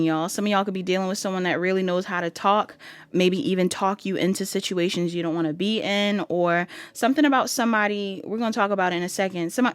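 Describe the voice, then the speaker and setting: A woman's voice: medium pitch, clear, resonant tone, no echo. A woman giving a casual pick-a-card tarot reading, chatty and talking straight to her viewers, often laughing at herself. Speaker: tarot reader.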